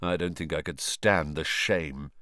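A man's voice: a bass voice, measured pace, sharp tone, no room sound, clean studio sound, voice pushed down, heavily acted. A man voicing a wry, mock-serious teenage boy wizard.

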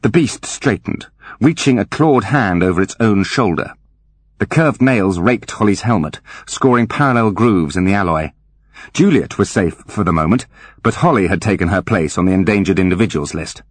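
A man narrating an audiobook with wry, animated storytelling. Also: lowish voice, moderate pace, breathy edge, no echo. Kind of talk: scripted narration.

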